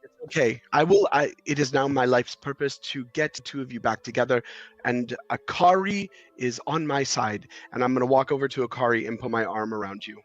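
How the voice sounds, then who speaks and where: A man playing in a tabletop game, speaking in an earnest and animated way. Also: mid-range voice, brisk, lo-fi sound, faint music behind. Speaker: player. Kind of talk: role-playing game chat.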